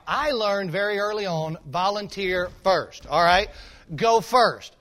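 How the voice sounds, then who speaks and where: A man with a high voice for a male preacher tells a sermon story from the pulpit. He is folksy and animated, and he keeps drawing the congregation in with asides. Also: unhurried. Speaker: pastor.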